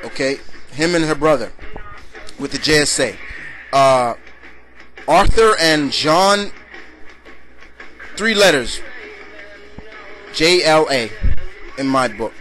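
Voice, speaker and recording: A young man chats loosely as the host of his own video blog, answering viewer questions. He rambles with fillers and restarts in a slightly high voice. Faint music plays behind him. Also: lively intonation, takes it slowly, pauses often, bright, forceful tone. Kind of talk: casual rambling chat.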